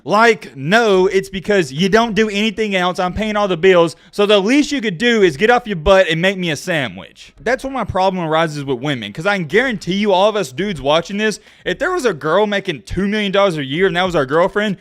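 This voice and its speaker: A man's voice: expressive, a little fast, few pauses, fairly bright tone. A young man hosting his own channel, ranting brashly and provocatively straight to camera. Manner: brash and provocative, mocking women in a high whiny voice. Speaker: YouTube channel host.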